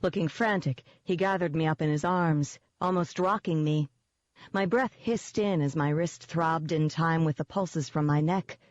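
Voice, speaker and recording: An audiobook narrator tells a first-person fantasy story at a steady, even pace. The voice sits in a middle pitch and moves evenly through the text. The recording is dry, with a slightly muffled, lo-fi tone. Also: a little slow, dry recording.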